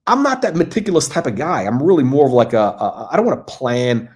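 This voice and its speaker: A man hosting a live stream talks casually at an ordinary middle pitch. He rambles with frequent fillers, repeated words and restarts. His voice comes through a computer mic. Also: very animated, fairly quick. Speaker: host. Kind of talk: casual livestream chat.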